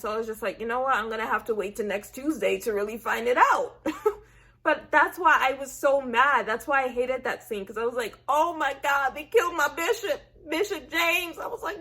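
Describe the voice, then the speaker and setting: A woman recapping a TV episode in a casual, animated way, acting out her own reactions and leaning on "like" and "I said". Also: a little high, brisk, slightly rough. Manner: chatty, heavy use of "like" and "I said". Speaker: TV recap vlogger.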